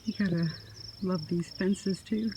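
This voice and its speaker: A woman vlogging casually as she walks outdoors along a quiet country road, talking in a soft, musing way into a handheld phone. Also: on the low side, steady tone, background noise. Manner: slow, soft-spoken, musing. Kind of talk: casual walking vlog. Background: faint crickets and birds.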